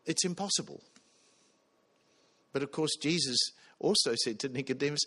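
A man's voice: medium pitch, normal speed, long pauses, bright, forceful tone, husky. A man preaching a sermon, earnest, putting questions to the congregation.

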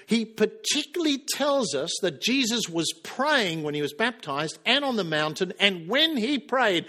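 A man preaching a sermon with passion, acting out the quoted speakers' lines and dropping to a hush for emphasis. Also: extremely high pitch. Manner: impassioned, acts out quoted lines.

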